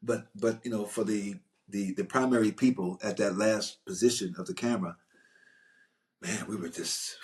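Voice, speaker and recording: A man with a fairly low voice spins an animated, rambling story from a film set. He keeps restarting his sentences and circling back as he talks, in a relaxed conversational tone. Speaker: actor guest recalling a film shoot. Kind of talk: casual anecdotal storytelling.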